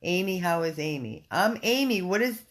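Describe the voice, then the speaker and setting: A woman with a fairly low, animated voice speaks at a moderate pace. She's a dog rescue volunteer livestreaming casually from home on her phone, reading viewer comments and chatting effusively with plenty of ums and restarts.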